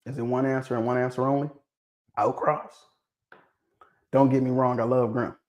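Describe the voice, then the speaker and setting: Animated man prodding his viewers. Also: mid-range voice, moderate pace. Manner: animated, prodding viewers with questions, repeats himself. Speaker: livestream host discussing dog pedigrees. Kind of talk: casual livestream chat.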